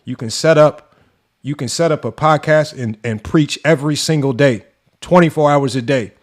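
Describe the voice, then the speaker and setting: A man's voice: on the high side, moderate pace. A man hosting a sports debate show, ranting in an exasperated, mocking way and firing off rhetorical questions. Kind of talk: heated commentary rant.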